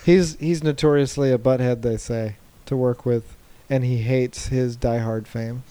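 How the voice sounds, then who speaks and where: A man with a mellow, darker voice co-hosts a casual podcast, spinning anecdotes with wry asides. His voice sits close to the mic in a dry, dead room. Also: medium pitch, fairly even intonation, unhurried, smooth, no room sound. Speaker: podcast co-host. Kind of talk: casual chat.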